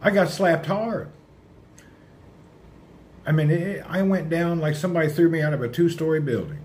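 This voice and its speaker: A man chatting casually on a livestream, rambling and answering his viewers' comments out loud. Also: fairly high pitch, normal speed.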